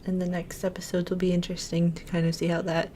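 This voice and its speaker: A woman's voice: lowish voice, monotone, fast, dark tone. A woman hosting a casual TV review chat, talking through the show in a conversational way with lots of affirming murmurs. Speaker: podcast host.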